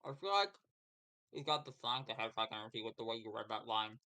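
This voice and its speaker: A man's voice: fairly low pitch, animated, fast, sharp tone. A man playing a game on a stream, chatting casually with dry, wry remarks.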